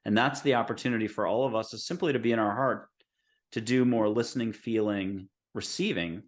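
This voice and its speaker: Gentle, reflective male show host. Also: fairly low pitch, fairly quick. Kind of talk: spiritual interview show.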